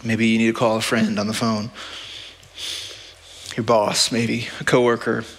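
Bright-voiced pastor preaching in a reverberant hall. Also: male voice, lowish voice, level tone, unhurried, breathy edge. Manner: conversational, practical, with frequent "right?" asides. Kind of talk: sermon. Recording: long church-hall reverb.

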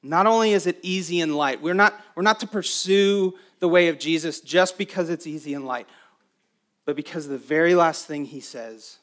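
A pastor whose voice sits a little higher than most men's preaches to his congregation at a moderate pace. He builds to emphatic, raised lines, then drops into quiet, intimate stretches.

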